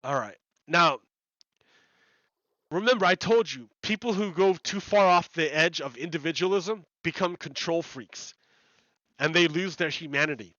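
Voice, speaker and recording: A man's voice: a little high, moderate pace, pauses often, bright, forceful tone, dry recording, highs cut off. A man giving heated, rambling commentary on news while streaming a game, repeating himself and swearing.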